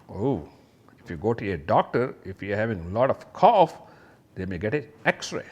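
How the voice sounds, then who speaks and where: A man teaching kindergarten children, talking straight to them about letters and toys in a slow, sing-song way and imitating sounds. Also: lowish voice, big pitch swings, darkish tone, husky, lo-fi sound.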